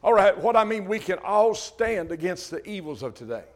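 An older man with a drawl delivers a fiery sermon. His voice sits high and ringing, and he swells to loud emphasis on the words that matter. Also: very animated, moderate pace. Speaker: pastor.

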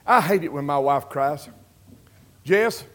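A middle-aged man preaching a sermon, swinging between hushed storytelling and loud exclamations. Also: fairly high pitch, animated, slow.

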